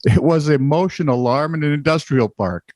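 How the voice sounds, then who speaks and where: A man's voice: a little high, moderate pace, darkish tone, dry recording. A man co-hosting a comedic news podcast, reading strange headlines with wry asides in a casual chat. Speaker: podcast co-host.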